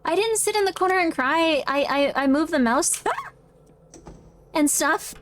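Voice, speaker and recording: A woman's voice: high-pitched, lively intonation, a little slow. A woman streamer chatting playfully with her audience while playing a horror game. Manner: chatty, playful, does silly voices. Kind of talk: casual live-stream gameplay chat.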